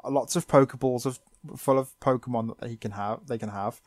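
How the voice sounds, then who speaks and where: A man co-hosting a podcast, recapping an episode in a sarcastic, animated way. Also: medium pitch, moderate pace, dry recording, studio quality. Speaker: podcast co-host. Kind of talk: casual episode recap chat.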